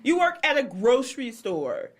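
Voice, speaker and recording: A woman's voice: a little high, normal speed, a crowd in the background. A woman co-hosting a podcast, telling a casual story with profanity and acting out what people said. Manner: animated, profane, acts out quoted people. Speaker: podcast co-host.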